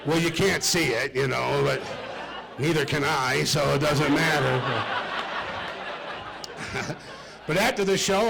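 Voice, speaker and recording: A man's voice: fairly high pitch, creaky, noisy background. A middle-aged man doing a stand-up comedy set, chatty and self-mocking as he talks to the audience. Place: club stage with a live audience.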